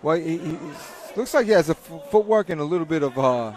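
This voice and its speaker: A man's voice: a little high, expressive, fast, a little mellow. A man commentating live boxing fights, rambling and joking, often repeating himself. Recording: crowd noise at a live event.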